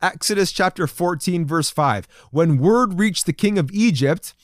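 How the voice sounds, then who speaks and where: A man preaching a sermon to a men's group, reading scripture and acting out the people's voices with lively emphasis. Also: high voice, measured pace, no echo, clean studio sound. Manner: animated, acts out crowd voices in quotes. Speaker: pastor. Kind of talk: sermon to men.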